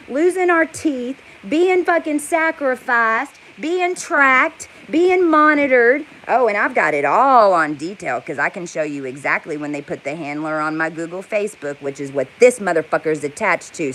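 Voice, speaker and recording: A woman's voice: a little high, animated, a little slow, fairly bright tone, poor audio. A woman delivering an angry, profane, rambling rant to camera. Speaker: vlogger. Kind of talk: heated monologue to camera.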